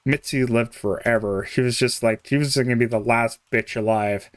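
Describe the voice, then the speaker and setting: A man's voice: mid-range voice, steady tone, moderate pace, no room sound. Rambling, chuckling male game streamer. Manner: rambling, chuckles often, trails off and restarts. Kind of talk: casual live-stream chat while playing.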